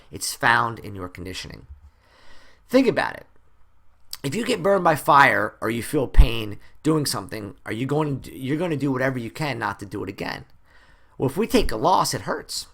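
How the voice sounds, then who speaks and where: A man's voice: medium pitch, creaky, sharp tone. A man teaching a trading course, talking bluntly and casually with some swearing, acting out little dialogues. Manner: acts out dialogue in raised voices. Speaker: trading coach. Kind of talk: course lecture.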